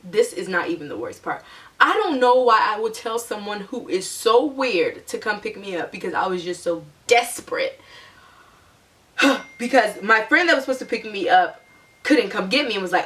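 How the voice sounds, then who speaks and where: A young adult woman telling a personal story to her viewers in a chatty, animated way, with lots of "like". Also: on the high side, moderate pace, distant mic. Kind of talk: casual storytime monologue.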